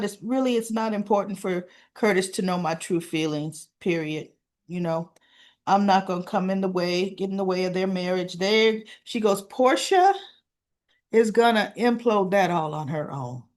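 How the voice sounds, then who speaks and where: A woman hosting a casual soap opera recap, retelling scenes in an animated way and acting out what the characters said. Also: medium pitch.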